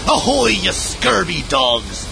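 Pirate captain played by a man, gravelly, bawdy, lively swooping pitch, comic announcement. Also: slow pace, full character voice. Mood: rowdy. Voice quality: gravelly, growling pirate talk. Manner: bawdy, theatrical announcer delivery. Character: boisterous rowdy male pirate captain. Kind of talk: comic public service announcement. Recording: rain and ambient noise behind.

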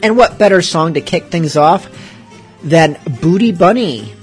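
Male radio host, slightly high voice, playful and cheeky delivery. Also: lively intonation, measured pace, soft background music. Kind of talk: casual radio show hosting.

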